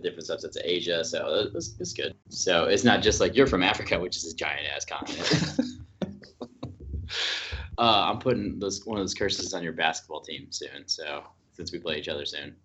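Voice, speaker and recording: A man's voice: low-pitched, moderate pace, a bit bright, slight background noise. A man co-hosting a casual podcast, teasing and joking with his friends and laughing often. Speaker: podcast co-host. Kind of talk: casual chat about a TV series.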